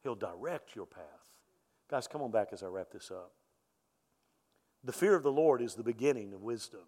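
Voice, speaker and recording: A middle-aged pastor gives a conversational sermon in his church sanctuary, often repeating himself as he speaks. His voice sits on the low side, a little mellow, with lively intonation at a normal speed, and the recording has the echo of a church hall.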